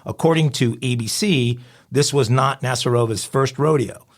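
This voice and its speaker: A man's voice: mid-range voice, normal speed. A man hosting a crime news podcast, reading headlines in a conversational, wry way. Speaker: host.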